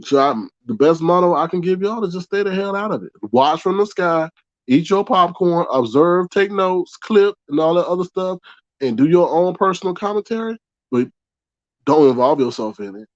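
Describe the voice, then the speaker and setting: A man's voice: high voice, animated, moderate pace, dry recording, dull audio. A man hosting a casual livestream commentary in a blunt, chatty way, swearing freely.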